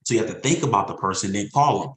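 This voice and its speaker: Emphatic low-voiced man giving a pep talk. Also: very fast, reverberant, poor audio. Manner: repetitive, emphatic, conversational preaching. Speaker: insurance sales team leader. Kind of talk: motivational team talk.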